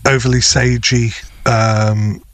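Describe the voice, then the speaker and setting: A man's voice: mid-range voice, level tone, slow, no echo. Hesitant man in a casual podcast chat. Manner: hesitant, lots of ums and likes. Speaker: podcast co-host.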